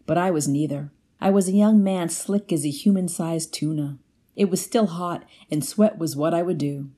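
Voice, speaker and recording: A woman reading a first-person literary piece aloud at a measured pace, lifting her pitch for the quoted lines. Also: dark tone. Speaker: guest reader.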